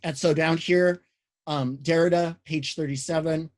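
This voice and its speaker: A man with a fairly high voice lectures a writing class over a video call. He talks loosely and conversationally, stopping and restarting his phrases and filling pauses with "um" as he walks through the rules. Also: steady tone. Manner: casual, many "um"s and restarts, explains step by step. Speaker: college writing instructor.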